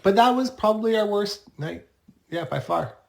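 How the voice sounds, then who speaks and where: A man's voice: high-pitched, expressive, moderate pace, vocal fry, darkish tone. A man from Canada, a podcast guest, telling a travel story in an easygoing, matter-of-fact way. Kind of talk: casual storytelling in a podcast interview.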